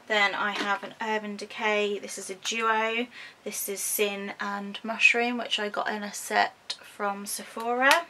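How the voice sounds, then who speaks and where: A woman's voice: medium pitch, vocal fry, background noise. A woman with an English accent chatting through a product walkthrough, hesitant with frequent ums and self-corrections. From United Kingdom. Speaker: beauty vlogger.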